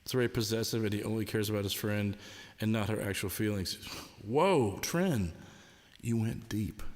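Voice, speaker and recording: A man's voice: lowish voice, normal speed. A man hosting a live stream, chatting casually and jokily between songs, rambling and laughing often. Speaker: live-stream host and singer. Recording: long reverb, faint guitar behind.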